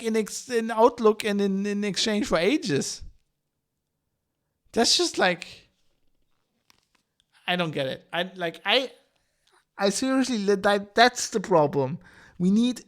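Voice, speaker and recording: A man hosting a podcast, ranting in an exasperated, profane way with many restarts and fillers. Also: sits high. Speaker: podcast host.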